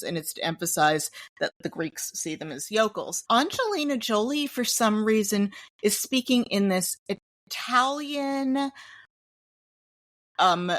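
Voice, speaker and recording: A woman's voice: medium pitch, fairly bright tone. A woman co-hosting a film podcast, giving a wry, explanatory review in casual chat. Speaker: podcast co-host.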